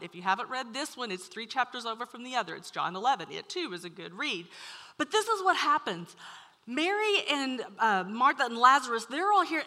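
A woman preaching a sermon to a room, telling a story with animated swings from loud to hushed. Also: a little high. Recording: long hall reverb.

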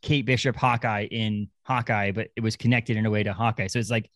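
A man co-hosting a podcast in casual chat, rambling and animated, often restarting his sentences. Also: on the low side, brisk, no room sound. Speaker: podcast co-host.

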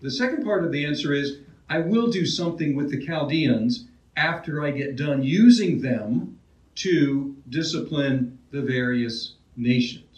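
A man's voice: on the high side, expressive, a little slow. A man preaching an expository sermon in a conversational way, often restarting phrases and asking his listeners questions. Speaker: pastor. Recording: roomy, heard from a distance.

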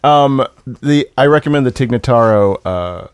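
A man with a middle-pitched voice chats casually on a podcast, telling long anecdotes and stopping often with "like" and "um." The sound is close and dry, with no room around it. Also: expressive, smooth, dry recording. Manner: chatty storyteller, halting with fillers. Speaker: podcast co-host. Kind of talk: casual chat.

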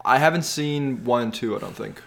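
A man's voice: mid-range voice, fairly quick, vocal fry, fairly bright tone. A man co-hosting a casual movie podcast, hesitant, with dry jokey asides. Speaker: podcast co-host.

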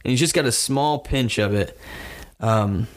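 A man's voice: medium pitch, unhurried, background noise. Chatty male game master. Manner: loose, chatty narration with fillers and laughs. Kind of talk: narrating a tabletop game.

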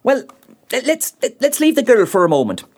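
An actress playing a fertility doctor with a salesy, stammering manner, selling designer babies. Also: female voice, fairly high pitch, wildly swooping pitch, brisk, a little mellow.

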